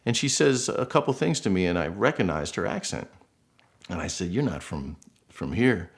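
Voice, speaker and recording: A man's voice: low voice, moderate pace. A middle-aged man from Buffalo, New York, earnestly telling a personal story in a casual way and acting out the people he quotes. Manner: earnest, emotional, animated quotes. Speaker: guest storyteller.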